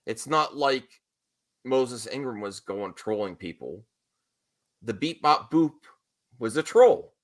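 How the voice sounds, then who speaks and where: A man's voice: mid-range voice, expressive, slow, long pauses. A man hosting a casual panel chat, talking in an opinionated way with emphatic repeats.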